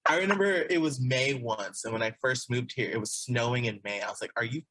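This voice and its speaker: A man's voice: mid-range voice, fairly quick, fairly bright tone, husky, no room sound. A young man from Texas, a guest on an interview podcast, talking casually in a rambling way with frequent laughs and restarts. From Texas, USA. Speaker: guest, illustrator and comic artist.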